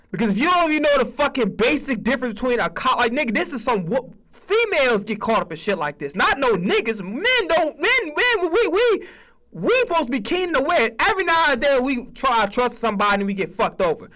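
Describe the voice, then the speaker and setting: A man hosting a stream, ranting casually about sports with profanity and acting out mock conversations. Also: extremely high pitch. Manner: animated, profane, acts out mock dialogue. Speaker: streamer host.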